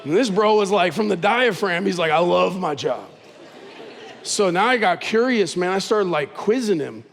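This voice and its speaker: A man's voice: high-pitched, lively intonation, normal speed, creaky, hardly any pauses, long reverb tail, soft background music. A man preaching a sermon as pastor, talking conversationally and telling stories with animation.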